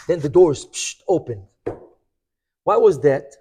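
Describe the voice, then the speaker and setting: Animated high-voiced man teaching Talmud. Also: unhurried, long pauses, breathy edge. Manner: animated storytelling, acts out quoted voices, frequent "right?" checks. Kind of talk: Talmud class.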